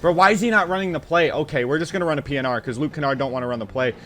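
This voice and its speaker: A man giving casual play-by-play commentary on a basketball video game he is playing. He is excitable, gets frustrated quickly, talks straight to the players on screen, and uses slang and swearing. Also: fairly high pitch. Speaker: gaming channel host.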